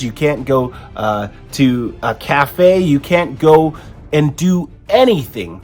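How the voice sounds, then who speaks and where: A man's voice: fairly high pitch, darkish tone. A man hosting an opinion commentary, talking emphatically with frequent restarts. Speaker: host.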